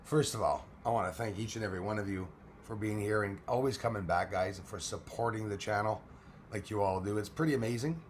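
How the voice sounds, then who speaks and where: Hoarse man speaking low and quietly. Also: quick pace, slight background noise. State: hoarse, losing his voice. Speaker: live stream host. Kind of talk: casual live-stream chat greeting viewers.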